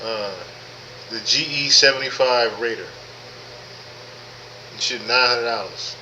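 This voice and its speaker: A man's voice: mid-range voice, a little slow, pushed and bright, a little hiss or hum, rough recording. A man hosting a live podcast stream, talking casually with lots of profanity, repeating himself and greeting chat viewers by name. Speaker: podcast host.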